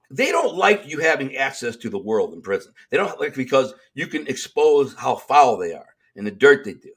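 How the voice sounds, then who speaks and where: A middle-aged man with a Detroit accent, a guest in an interview, telling stories in a streetwise, animated way and acting out the lines of people he quotes. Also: medium pitch, fairly quick. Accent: Detroit, Michigan. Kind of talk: storytelling in casual interview.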